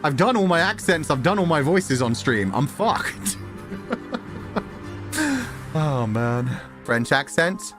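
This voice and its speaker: A man's voice: medium pitch, expressive, unhurried, pauses often, a bit bright, soft background music. A man streaming and chatting casually with his viewers, rambling and laughing often between remarks. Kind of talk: casual livestream chat.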